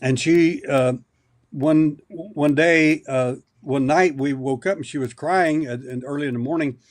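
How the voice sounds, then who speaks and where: A man's voice: a little high, a little slow. Rambling man telling a long anecdote. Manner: rambling, anecdotal, with many repeated starts. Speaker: podcast guest. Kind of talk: storytelling in an interview.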